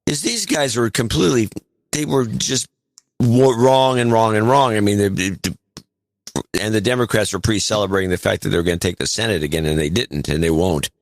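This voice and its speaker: A man with a fairly low voice talks through a casual podcast chat as co-host. He is emphatic and repeats words to drive his point home. The sound is dry and close, with no room echo. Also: animated, fairly quick, creaky.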